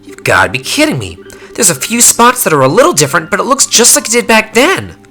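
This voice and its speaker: A man voicing a rough-spoken young fighter, reading game dialogue aloud with blunt, slangy talk. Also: high voice, wildly swooping pitch, fast talker, bright, forceful tone, faint music behind, voice pushed up, heavily acted.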